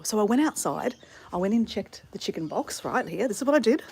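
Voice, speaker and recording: A woman's voice: medium pitch, animated, normal speed, darkish tone, slightly rough. A woman vlogging in her suburban backyard, chatting and venting with swearing and self-mocking asides, recorded on a handheld phone. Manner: chatty, exasperated ranting with swearing, laughing at herself. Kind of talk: casual vlog chat.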